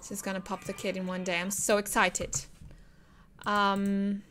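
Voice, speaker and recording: A woman's voice: mid-range voice, completely flat delivery, measured pace, a bit bright, soft background music. A woman giving casual gameplay commentary, chatting to the characters on screen and laughing often.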